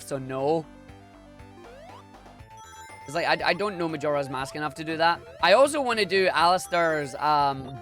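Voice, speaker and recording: A man's voice: a little high, fairly bright tone. Chatty Scottish man streaming games. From Scotland. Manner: chatty and slangy, rambling asides. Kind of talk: casual live-stream chat while speedrunning.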